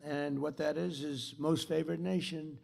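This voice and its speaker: A man's voice: on the high side, steady tone, measured pace, vocal fry, darkish tone. An older man giving a rambling, boastful, repetitive off-the-cuff keynote speech. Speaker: keynote speaker.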